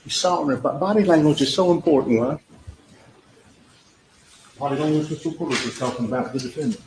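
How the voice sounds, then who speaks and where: A man's voice: on the high side, brisk, darkish tone. A male trial attorney gives a closing argument in a courtroom, repeating points emphatically and talking straight to the jurors. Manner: emphatic, repetitive, talks directly to jurors, acts out witness exchanges. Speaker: trial attorney addressing a jury. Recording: echoey courtroom audio with faint background noise.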